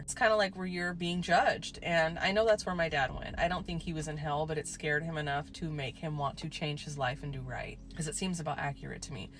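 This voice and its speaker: A woman's voice: deep voice, slight background noise. A woman telling a true ghost story in a casual, chatty way, full of "like" and swearing.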